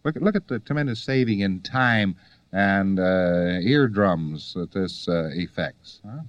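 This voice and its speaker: A man's voice: low voice, expressive, unhurried, no echo, muffled recording. Wry male lecturer, dry sound. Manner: conversational, rhetorical questions, wry asides. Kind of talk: recorded lecture to students.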